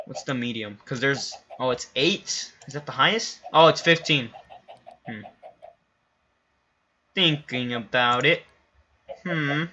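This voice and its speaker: A young man narrating his own game playthrough, chatting casually and flaring into excited shouts and swearing. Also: mid-range voice, slow, pauses often. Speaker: gamer. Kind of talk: Let's Play commentary. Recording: lo-fi home recording.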